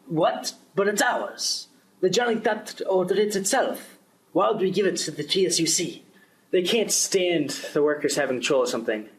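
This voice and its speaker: A man's voice: slight background noise, rough recording. Young man acting out a radio play. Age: young adult. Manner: plays several parts, shifting pitch between characters. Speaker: student performing a class drama.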